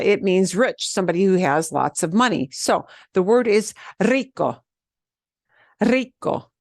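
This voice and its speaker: A woman's voice: fairly low pitch, no echo, studio quality. A woman from the teaching a beginner Spanish lesson, patiently repeating words and drilling the trilled R. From American Southwest.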